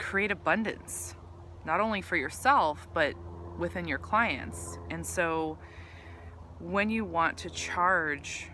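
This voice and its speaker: Lady coach rambling to her cam, bright voice, lots of ums, real earnest. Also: low-pitched, a little hiss or hum. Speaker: business coach for women entrepreneurs. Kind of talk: casual talk to camera. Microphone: camera mic.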